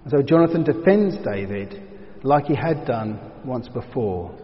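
A man teaching verse by verse through a Bible passage, reflective and explanatory, often dropping to a hushed tone for emphasis. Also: medium pitch, expressive, a little slow, slight background noise. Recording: dull reverberant hall sound.

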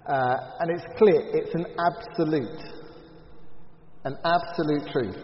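A man's voice: on the high side, normal speed, slight background noise. A man teaching a Bible study class in an earnest, emphatic way, with frequent ums and restarts. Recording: echoey hall, slightly dull sound.

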